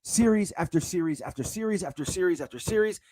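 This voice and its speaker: A man ranting angrily as a football fan, swearing and bursting into shouts between sarcastic retellings. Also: high voice, lively intonation, quick pace. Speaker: sports vlogger. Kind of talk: angry fan rant.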